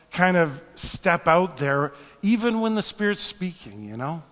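A man preaching in a high, ringing voice, telling a personal story with quiet asides before rising into fervent calls to his listeners. His words carry a long reverb, like in a big sanctuary. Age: adult, married. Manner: animated storyteller, drops to hushed asides, builds to fervent exhortation. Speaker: pastor. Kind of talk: sermon with storytelling.

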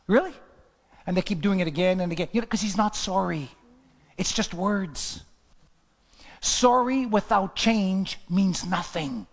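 A man preaching a sermon in a repetitive, rhythmic cadence, swinging from shouts to near whispers. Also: sits high, animated, moderate pace, big-room sound. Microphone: livestream to online viewers.

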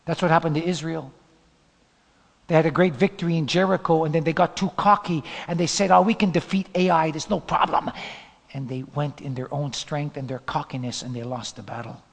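A male pastor preaching a sermon, swinging between loud emphatic peaks and low hushed asides. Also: fairly even intonation, a little fast, vocal fry. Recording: long hall reverb.

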